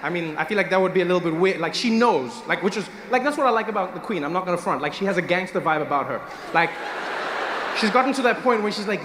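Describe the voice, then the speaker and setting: South African male comic, lively set, high register, noisy live recording. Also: fast. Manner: animated, switches into character voices. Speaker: stand-up comedian. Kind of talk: stand-up comedy set. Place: comedy venue with live audience. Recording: noisy live room recording, some echo.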